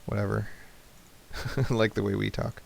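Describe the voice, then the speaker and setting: A man's voice: fairly low pitch, steady tone, measured pace, gravelly, darkish tone, a little hiss or hum. A man in his thirties hosting a let's play, chatting casually and joking at the game as he plays. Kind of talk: casual gameplay commentary.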